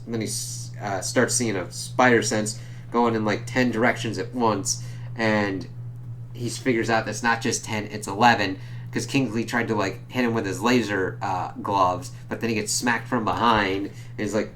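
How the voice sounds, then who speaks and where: A man casually recapping a comic book issue, loose and profane, jumping up in pitch whenever he quotes a character. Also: steady tone, moderate pace, fairly bright tone, a little hiss or hum. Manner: loose and profane, jumps higher when quoting characters.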